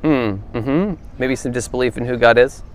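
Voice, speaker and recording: A man's voice: mid-range voice, moderate pace. A man with an ordinary mid-range voice leads a casual Bible study, thinking aloud as he goes. He keeps turning questions back to the group. A faint background hiss sits under his voice.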